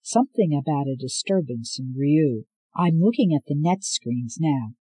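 Man putting on a high, excitable female android, fussy, breathless, husky. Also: moderate pace, poor audio. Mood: reporting.

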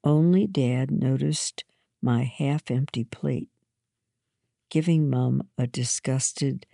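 Woman reading a story, low gravelly voice, really slow, dry close sound. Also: warm tone, no room sound. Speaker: reader. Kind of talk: storybook narration.

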